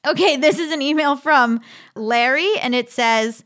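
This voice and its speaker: A woman's voice: sits high, a little slow, a bit bright. A woman in her thirties hosting a podcast, chatting casually and reading listener emails aloud with amused laughs. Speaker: podcast host.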